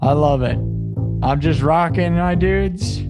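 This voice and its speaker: A man's voice: fairly high pitch, normal speed. Young guy streaming live, chatty and jokey, guitar playing faint behind him. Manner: chatty, joking, talks to viewers. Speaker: live-stream musician and host. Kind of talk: casual chat with live chat. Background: live guitar music.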